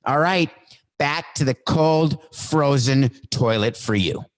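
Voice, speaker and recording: A man hosting a solo sports podcast, talking in a worked-up, animated way and acting out little mock skits. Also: medium pitch, slow pace. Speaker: podcast host. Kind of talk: solo sports talk monologue.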